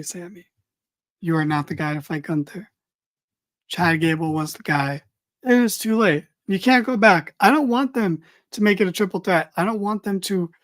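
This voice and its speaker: A woman giving a casual, opinionated wrestling recap, blunt and swearing freely as she reads viewer comments. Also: fairly low pitch. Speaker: wrestling show reviewer.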